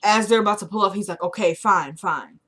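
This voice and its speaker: A woman's voice: medium pitch, fairly quick, fairly bright tone. A woman casually recapping a TV drama episode, retelling the scenes in quoted dialogue and adding her own blunt opinions.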